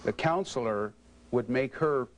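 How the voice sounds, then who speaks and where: A man talks through his divorce in a counseling session, stammering and restarting often. His voice sits in an ordinary middle register, and a held-back anger runs through his halting words. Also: medium pitch, low-quality recording. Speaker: client in a counseling interview. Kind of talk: halting emotional disclosure.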